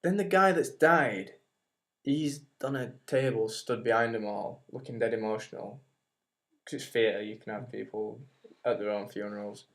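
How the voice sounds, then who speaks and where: A man's voice: lowish voice, moderate pace, fairly bright tone. A young man, co-hosting a casual podcast on a webcam mic, telling a long rambling story full of "like" and the odd swear. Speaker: podcast co-host. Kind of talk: casual chat. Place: home, recorded on webcam. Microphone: webcam microphone.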